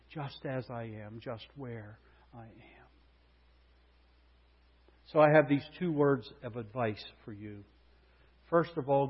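A man preaching a sermon, moving between loud proclamation and hushed intensity. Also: mid-range voice, slightly rough. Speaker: pastor. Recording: muffled sound with long hall reverb.

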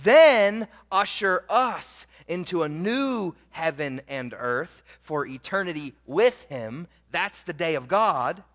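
High-voiced preacher in a reverberant hall. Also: male voice, animated, slow pace, hardly any pauses. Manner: swings from loud emphatic proclaiming to quiet, low asides. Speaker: pastor. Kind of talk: sermon. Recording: long reverb of a church hall.

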